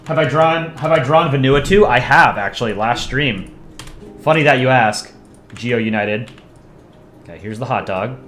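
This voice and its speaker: A man's voice: mid-range voice, moderate pace, a bit bright, roomy sound, slight background noise. A man casually chatting with his stream audience while drawing, thinking aloud and answering chat requests.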